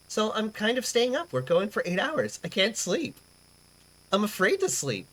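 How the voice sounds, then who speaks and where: Lively-voiced woman streamer chatting. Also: medium pitch, moderate pace, a little hiss or hum. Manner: rambling, swears freely, reacts to chat. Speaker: livestream host. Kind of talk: casual live-stream chat.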